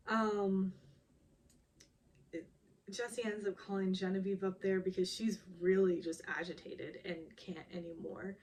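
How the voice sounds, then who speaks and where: A woman's voice: medium pitch, level tone, slow pace, pauses often, a little mellow, recorded from a distance, a little hiss or hum. A woman casually recapping a reality show episode, chatty, with lots of ums and small laughs. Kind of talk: casual chat.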